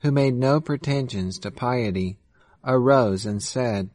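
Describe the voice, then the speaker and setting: A man narrating a first-person memoir in a steady, measured reading voice. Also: medium pitch, no room sound. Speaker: audiobook narrator.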